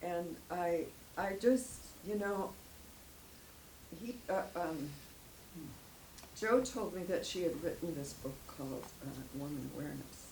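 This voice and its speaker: A woman's voice: lowish voice, takes it slowly, a little mellow. An older woman giving an emotional personal testimony as a guest speaker at a church, rambling a little and laughing often. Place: church hall. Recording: echoey room, faint noise.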